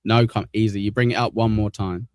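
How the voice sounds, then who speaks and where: A man's voice: fairly low pitch, fairly even intonation, fairly quick, a little mellow, dry recording. A man hosting a casual live stream, blunt and swearing, reading viewer messages aloud.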